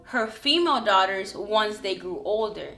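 A woman's voice: medium pitch, expressive, normal speed, bright, forceful tone, faint music behind. A young woman with a Spanish accent, chatting sassily as a vlog co-host, laughing and slipping into Spanish. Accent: Spanish-accented English. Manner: sassy, laughing, switches into Spanish. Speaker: vlogger co-host. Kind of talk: casual couple reaction chat.

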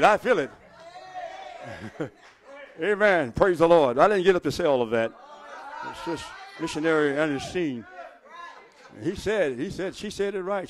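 High-pitched shouting preacher man. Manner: call-and-response preaching, rising to shouts. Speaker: pastor. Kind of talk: sermon. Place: church pulpit.

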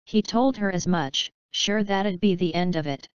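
A woman narrating an audiobook in a dry, even storytelling manner. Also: lowish voice, unhurried, smooth, dry recording, dull audio. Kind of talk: scripted narration.

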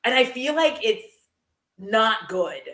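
A woman's voice: a little high, very animated, takes it slowly, fairly bright tone, echoey room. Giggly, rambling young woman vlogger. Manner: rambling, giggly, gossipy, full of fillers. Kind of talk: casual chat while decluttering. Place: room at home.

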